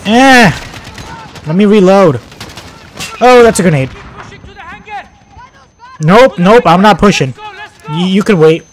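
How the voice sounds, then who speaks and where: A man giving live commentary as he plays a shooter game, swinging between shouting at enemies and muttering to himself. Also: high-pitched, slow pace, pauses often. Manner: excitable, yelps and shouts at enemies, then mutters. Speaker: gaming channel host.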